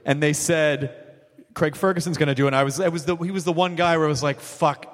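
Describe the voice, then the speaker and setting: A man hosting a live podcast interview, joking and sarcastic, quick to riff on what his guest says. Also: a little high, fairly even intonation. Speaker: host. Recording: live theater stage mic with hall reverb.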